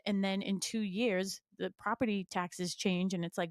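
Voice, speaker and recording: A woman with a New England accent hosting a radio show, talking in a chatty, animated way with lots of examples. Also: mid-range voice, normal speed, hardly any pauses, dry recording. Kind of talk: casual radio chat. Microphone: studio mic.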